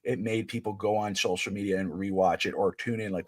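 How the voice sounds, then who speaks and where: A man's voice: on the low side, fairly even intonation, brisk. A middle-aged man co-hosting a wrestling podcast in casual chat, rambling and restarting his sentences. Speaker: podcast co-host.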